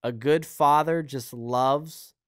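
A young man with a smooth, clear voice, recorded dry and close. He talks through faith in a loose, earnest, conversational way, with frequent fillers and asides. He has the hiccups. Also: a little high, slow pace, no echo. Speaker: podcast host and preacher. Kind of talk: casual spontaneous Christian teaching.

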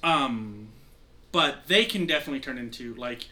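A man's voice: medium pitch, lively intonation, moderate pace, sharp tone. A young man narrating a tabletop game as game master, rambling with lots of fillers. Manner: rambling, heavy use of "like" fillers.

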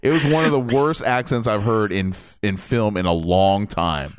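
Male podcast host, lowish smooth voice, dry close mic, animated and opinionated. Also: moderate pace, no room sound. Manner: animated, opinionated, jumps between points. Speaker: podcast host reviewing a film. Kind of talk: casual spoiler review chat.

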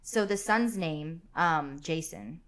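A woman's voice: sits low, animated, slow pace, a bit bright. A young woman co-hosting a podcast, chatting casually about a film with lots of fillers. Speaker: podcast co-host.

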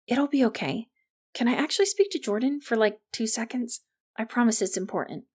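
A woman voicing a wary, earnest teenage girl who asks hesitant, quick questions in an audiobook with a gravelly edge to her voice. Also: on the high side, expressive. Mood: anxious.

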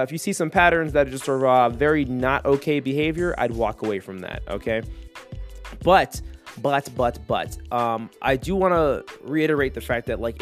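Rambling, filler-heavy male podcaster. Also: medium pitch. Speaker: podcast host. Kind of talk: casual solo podcast monologue.

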